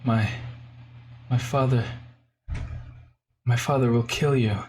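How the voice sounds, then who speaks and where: A man voicing a quiet, torn young daughter. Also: steady tone, slow, a little hiss or hum, close to an everyday voice. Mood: hushed. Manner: hushed, low-key delivery.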